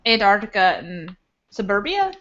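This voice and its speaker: A woman's voice: mid-range voice, big pitch swings, moderate pace, fairly bright tone. A woman from North Carolina chatting and giggling with friends before a tabletop game, telling a story. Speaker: player on a tabletop game podcast. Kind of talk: casual chat among friends. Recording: muffled lo-fi recording.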